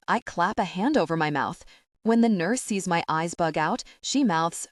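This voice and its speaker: A woman narrating a first-person audiobook in an expressive, wry storytelling voice. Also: lowish voice, normal speed, dry recording, studio quality, distant mic.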